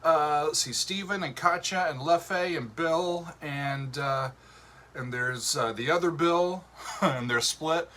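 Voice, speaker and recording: A man hosting a livestream, chatting casually with viewers in a relaxed, rambling way with lots of fillers and a drawl. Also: on the high side, takes it slowly. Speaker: show host.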